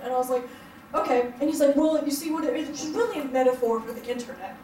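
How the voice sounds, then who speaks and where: A young woman tells comic stories on a stage, her high voice wandering through fillers and bursts of laughter. She is heard from a distance in a roomy hall, with a faint murmur of the room behind her. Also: brisk, darkish tone, a little hiss or hum. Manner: rambling, filler-heavy storytelling with frequent laughs. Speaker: stand-up comedian. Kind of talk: stand-up comedy set. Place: hotel event room before a live audience. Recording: roomy, distant live-show sound.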